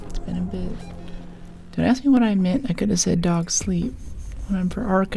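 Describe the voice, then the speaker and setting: A woman from the United States streaming a game in a soft-spoken ASMR style, rambling playfully and often dropping to a whisper. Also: on the low side, fairly even intonation, moderate pace, gravelly, soft background music.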